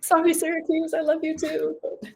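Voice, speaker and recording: A middle-aged American woman in casual conversation as a guest author, chatty and quick to laugh, often breaking off and restarting. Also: sits high, completely flat delivery, gravelly, dark tone. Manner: chatty, laughing, self-interrupting.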